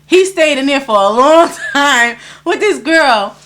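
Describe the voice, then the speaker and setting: A woman with a high-pitched voice tells a story as an interview guest. Her tone is bright and forward. She talks casually and animatedly, slips into other people's lines, and swears freely. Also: animated, a little slow.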